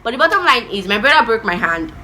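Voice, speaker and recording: Animated woman telling a story. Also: on the high side, fast talker, a little hiss or hum. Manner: animated storyteller, acts out the voices of people in the story. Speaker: vlogger. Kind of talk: casual storytime vlog.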